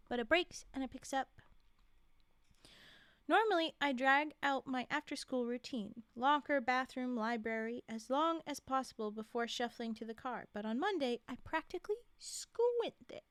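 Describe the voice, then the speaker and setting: A woman's voice: high voice, dry recording. A woman streamer reading a holiday story aloud, breaking off to chat and talk back to the characters. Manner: chatty, reacts loudly and talks back to the characters.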